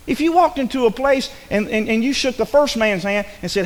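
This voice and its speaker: A man preaching in a church sanctuary, his fairly high voice swinging widely as he talks. He keeps it conversational, with quick asides and little acted-out quotes. The sound carries a long hall reverb. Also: big pitch swings, fairly bright tone. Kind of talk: sermon.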